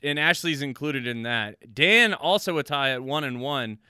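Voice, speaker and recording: A man's voice: mid-range voice, expressive, normal speed, bright, forceful tone, clean tone, dry recording, clean studio sound. A young man hosting a casual podcast chat, tallying votes with jokes and casual swearing. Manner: joking, upbeat, swears casually.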